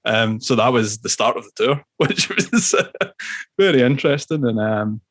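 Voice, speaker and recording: A man, a musician as podcast guest, telling animated stories with swearing and laughs. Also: mid-range voice, moderate pace, dry recording. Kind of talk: casual storytelling interview.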